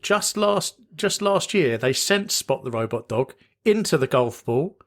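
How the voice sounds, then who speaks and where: A man's voice: on the high side, lively intonation, a little slow, a bit bright. A man co-hosting a podcast in casual chat, rambling, restarting and joking. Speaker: podcast co-host.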